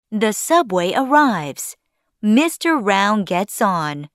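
Slow, lively storybook narrator, a woman. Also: mid-range voice, dry recording, studio quality. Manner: simple, clearly spaced sentences.

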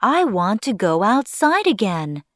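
A woman voicing a young, adventurous boy who is a hair on a man's head, talking in eager, excited bursts. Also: mid-range voice, a little slow, no room sound, studio quality. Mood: curious.

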